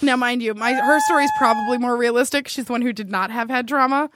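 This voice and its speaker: A woman's voice: on the high side, quick pace, heavy background noise. A young woman casually telling a personal story on a podcast, laughing often and acting out what others said. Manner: acts out quoted people in livelier voices.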